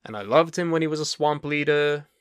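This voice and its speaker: Male co-host, bright forceful tone, dry close sound, measured and thoughtful. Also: fairly high pitch, clear, resonant tone, dry recording. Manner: thoughtful, hesitant with fillers. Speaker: podcast co-host. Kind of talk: casual chat.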